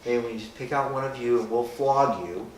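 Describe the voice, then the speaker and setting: Talking a little fast in a mid-range voice, a man leads a group through a casual Bible talk laced with humor. He asks rhetorical questions, keeps adding "right?" and plays out how people react, all in a conversational tone. The echoey room gives a distant, roomy sound with faint hiss.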